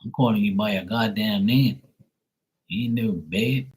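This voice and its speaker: A man's voice: on the low side, measured pace, darkish tone. A man in his forties from Bermuda, ranting casually and profanely, joking as he acts out both sides of phone calls. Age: 40s. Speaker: tarot reading livestream host. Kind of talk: casual rant.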